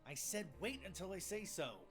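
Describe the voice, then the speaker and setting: A man's voice: high-pitched, big pitch swings, moderate pace, fairly bright tone. A man voicing an earnest, somewhat nervous young defense attorney in a fan-made game. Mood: uneasy. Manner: nervous, grumbling. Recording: game audio with music behind.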